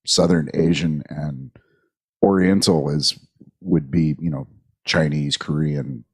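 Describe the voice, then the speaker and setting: A man's voice: extremely low pitch, steady tone, slow, darkish tone, husky. A man co-hosting a podcast, talking in an easygoing, agreeable way as he explains things. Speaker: podcast co-host. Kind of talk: casual chat.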